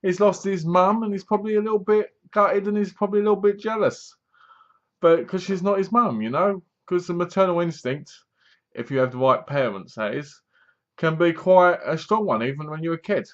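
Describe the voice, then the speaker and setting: A man's voice: high voice, normal speed. A man casually reviewing a horror film, retelling it in a rambling, chatty way with asides. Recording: dull lo-fi recording.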